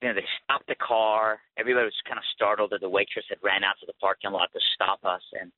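A man's voice: fairly low pitch, fast talker. Earnest man over a tinny phone line. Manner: earnest, animated, many fillers and restarts. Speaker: guest. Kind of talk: personal testimony storytelling.

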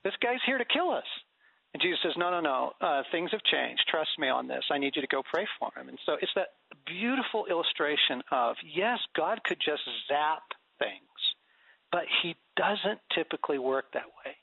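A man's voice: a little high, moderate pace, vocal fry, husky, dry recording. A middle-aged man talking animatedly about prayer as an interview guest, telling stories and laughing often. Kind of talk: conversational faith interview. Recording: dry, phone-like radio sound.

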